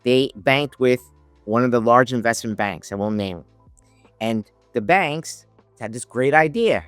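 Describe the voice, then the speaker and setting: A man's voice: medium pitch, expressive, measured pace, fairly bright tone, clean tone, no echo. Man, podcast guest, casual storytelling, rambling restarts, dry close sound, faint music behind. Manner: rambling, many restarts, acts out quoted dialogue. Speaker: podcast guest, options trader.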